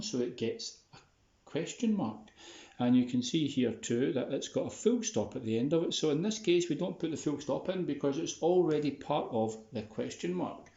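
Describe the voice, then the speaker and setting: A man gives a relaxed, chatty lesson, upbeat and a little playful. His voice sits at a middle pitch. The sound is roomy and slightly dull, as if recorded on modest gear in an echoing room. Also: vocal fry. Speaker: teacher. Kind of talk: casual classroom video lesson.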